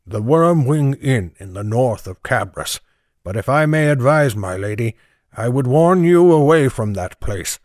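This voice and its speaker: A man reading the part of a stern town constable in an audiobook, speaking in a grave, measured way. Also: medium pitch, expressive, darkish tone, no echo, studio quality, lightly acted. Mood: hushed earnest. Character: stern middle-aged male town constable.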